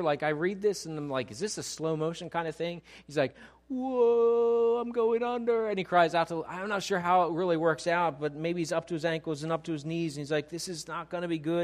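A male pastor delivering a lively sermon in a fairly high voice. He acts out the story as he goes and shifts between loud bursts and soft, hushed lines. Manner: animated, acts out scenes, swings from loud to hushed.

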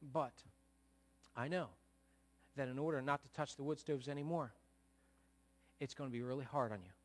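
A middle-aged male pastor preaching a sermon, earnest, swinging between loud bursts and soft, low asides. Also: fairly even intonation, normal speed.

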